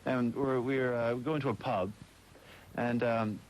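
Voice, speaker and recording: A man's voice: mid-range voice, steady tone, slow pace. A man who is a guest on a radio show, complaining for comic effect in a rambling way. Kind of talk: casual radio chat. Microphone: studio microphone.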